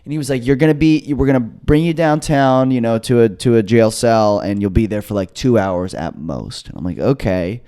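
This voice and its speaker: A young man tells a story on a comedy podcast, his voice at an ordinary middle pitch. He jumps into the other people's lines as he goes, sometimes hushed and low, sometimes high and excited. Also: moderate pace, hardly any pauses, clean tone. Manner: animated storyteller acting out quotes. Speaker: podcast co-host. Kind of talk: casual storytelling.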